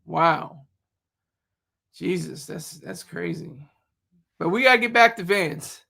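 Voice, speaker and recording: Bright, high-voiced man rambling on a livestream. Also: takes it slowly, creaky. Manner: rambling, repeats words, reads chat comments. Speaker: YouTube streamer. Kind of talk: casual live-stream chat.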